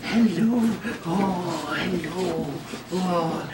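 A man's voice: high voice, sing-song, slow pace, over a noisy crowd. Man cooing in sing-song pet talk. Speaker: dog owner home from work. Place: at home with a dog, snow nearby. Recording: echoey, distant mic, loud background noise.

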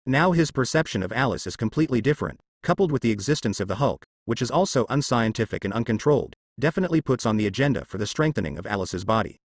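Male audiobook narrator, lively pitch, dry sound, flat read. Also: fast talker, few pauses, no room sound. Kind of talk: audiobook narration of translated fan fiction.

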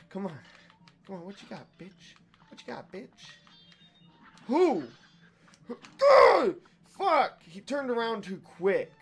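A young man giving casual let's-play commentary, profane and excitable, trash-talking the boss and yelling when he wins or loses. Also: a little high. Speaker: gaming YouTuber.

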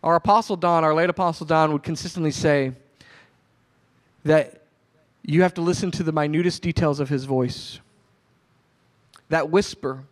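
Slightly high-voiced storytelling pastor. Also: male voice. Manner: conversational storytelling, animated retelling. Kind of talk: sermon.

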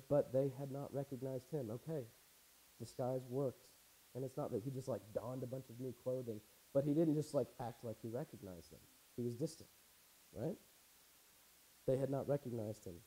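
A man's voice: medium pitch, dark tone, low-quality recording. A man preaching a casual sermon, reading scripture aloud and adding wry, conversational asides. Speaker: pastor. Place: church.

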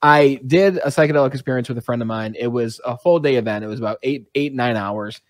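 A man's voice: mid-range voice, fast, dry recording, studio quality. A man hosting a podcast, telling a personal story in an earnest, talkative way. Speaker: podcast host. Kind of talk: conversational interview.

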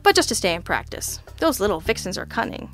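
An unflappable private detective drops deadpan quips in an easy, offhand way, as a woman narrator puts him on. Her voice sits in a middle pitch for a woman, and faint music runs underneath. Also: fast talker. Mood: wry. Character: dry-witted, unflappable male private detective. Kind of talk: audiobook character reading.

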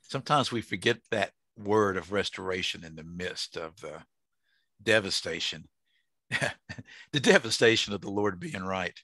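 A man's voice: low voice, expressive, measured pace, bright, forceful tone, no echo. A man, teaching a casual Bible study to an online group. He jokes and asks the group questions.

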